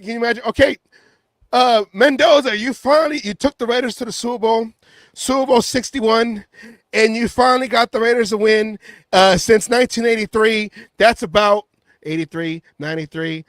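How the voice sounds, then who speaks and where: Forties male podcast host, high voice, laughs through stumbles, dry close sound. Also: moderate pace, fairly bright tone, no echo. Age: 40s. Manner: giggly, stumbles over words. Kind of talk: casual sports chat.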